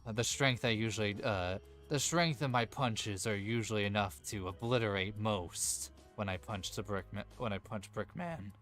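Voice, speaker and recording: A man's voice: on the low side, moderate pace, hardly any pauses, fairly bright tone, faint music behind. A man narrating as game master of a tabletop game, rambling with many fillers.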